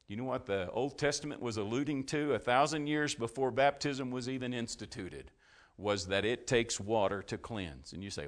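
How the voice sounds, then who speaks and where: A male preacher delivering a sermon, asking his congregation questions, then swelling to loud, fervent climaxes before dropping low and quiet. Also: moderate pace. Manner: asks the congregation questions and answers them.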